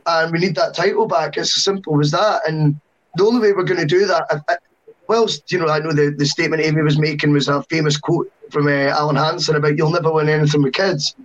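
A man on a football podcast, giving long, animated opinions with self-mocking asides. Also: fairly high pitch, fast. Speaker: podcast panelist. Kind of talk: casual football podcast chat. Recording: dull lo-fi sound.

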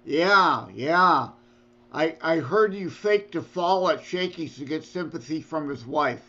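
A man's voice: on the high side, takes it slowly, sharp tone, dull audio, a little hiss or hum. A man co-hosting a podcast, teasing his co-host with joking banter. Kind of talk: casual podcast chat.

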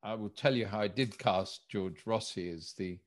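A director, appearing as an interview guest, recounts casting stories in a lowish voice at normal speed. He's an animated storyteller, acting out the dialogue as the anecdotes unfold.

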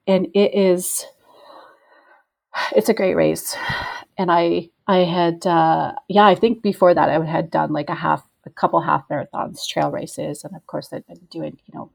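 Middle-aged woman, lowish voice, earnest personal storytelling, reflective and rambling. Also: fairly even intonation, unhurried, vocal fry, a little mellow. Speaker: ultra trail runner telling her story.

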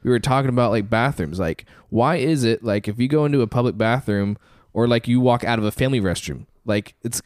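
A man in a casual podcast chat who rambles through his thoughts, stacking up fillers and chuckling at his own jokes. His voice sits at a middle pitch, recorded close and dry with no room sound. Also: a little fast, no room sound. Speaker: podcast co-host.

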